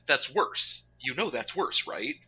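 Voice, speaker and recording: A man co-hosting a podcast in casual chat, animated and quick to laugh. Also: medium pitch. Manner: animated, laughs often, puts on mocking voices. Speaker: podcast co-host. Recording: slightly dull lo-fi recording with faint background noise.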